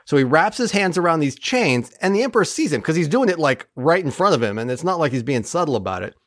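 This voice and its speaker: A podcast host casually recapping a TV episode with heavy swearing and animated retelling. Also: medium pitch, fast, dry recording, studio quality. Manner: profane, animated retelling of plot. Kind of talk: casual chat.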